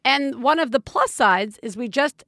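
A woman's voice: sits high, expressive, a little slow, a bit bright, dry recording, clean studio sound. A woman in her thirties co-hosting a parenting podcast, telling stories in a casual, laughing, self-mocking way. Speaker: podcast co-host. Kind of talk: casual chat.

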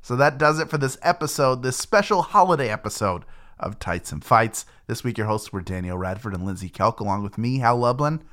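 A man's voice: mid-range voice, a bit bright. A man hosting a podcast, joking and wrapping up the episode in a casual chat. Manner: jokey, wraps up the show. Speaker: podcast host.

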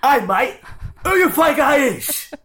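A man voicing a cocky, rough working-class London man in a brash, loud Cockney accent, mocking in tone. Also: extremely high pitch, big pitch swings, slow, slight background noise, pitched above the performer's own voice, heavily acted. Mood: mock-tough.

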